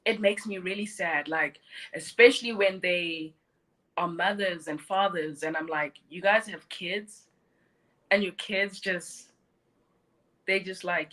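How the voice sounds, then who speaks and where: A woman's voice: on the low side, steady tone, measured pace, a bit bright, poor audio. A woman in her thirties hosting a live stream, blunt and mocking as she talks and mimics others. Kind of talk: opinionated live stream monologue.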